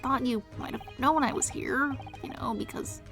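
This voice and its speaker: A woman voicing a glum, soft-spoken young male defense lawyer, hesitant and mumbling, with vocal fry. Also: sits high, fairly even intonation, normal speed, pitched above the performer's own voice, poor audio. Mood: downcast. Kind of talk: reading game dialogue aloud. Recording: game music behind.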